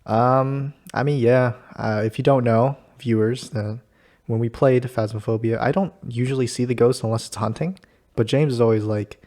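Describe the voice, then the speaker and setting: A man's voice: mid-range voice, steady tone, moderate pace, darkish tone. A man hosting a casual chat with a friend, easygoing and laughing often. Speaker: host.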